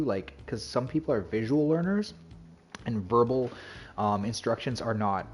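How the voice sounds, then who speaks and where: A man's voice: medium pitch, animated, moderate pace. A man chatting casually on his game stream, rambling and full of fillers and restarts. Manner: rambling, filler-heavy, self-interrupting.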